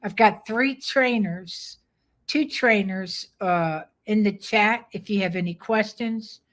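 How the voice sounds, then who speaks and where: An older woman dog trainer giving a live webinar pitch, firm, direct and plainspoken. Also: slow pace, fairly bright tone.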